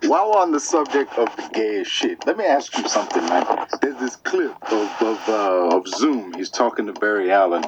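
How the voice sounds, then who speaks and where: Animated crude-talking male podcast host. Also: fairly low pitch, normal speed, background noise. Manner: crude, animated, swearing storyteller. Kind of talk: casual chat. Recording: dull lo-fi sound.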